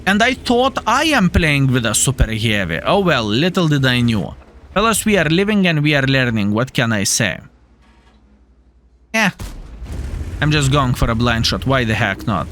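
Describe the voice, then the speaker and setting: Young streamer, bright tone, lively playful gameplay commentary. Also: male voice, mid-range voice, normal speed, a little hiss or hum. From Lithuania. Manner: playful, jokey, addresses viewers as fellas. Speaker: gaming streamer.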